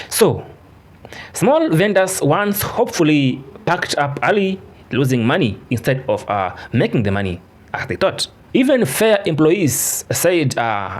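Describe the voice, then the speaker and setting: A man narrating economic commentary in a halting way, with frequent pauses. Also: a little high. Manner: halting, with fillers and restarts. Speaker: news commentator.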